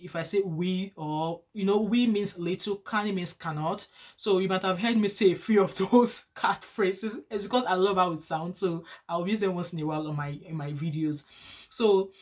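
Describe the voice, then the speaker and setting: A woman in her thirties with a Nigerian accent talks casually to her camera. Her voice is chatty and animated, climbing higher whenever she gets excited. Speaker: vlogger.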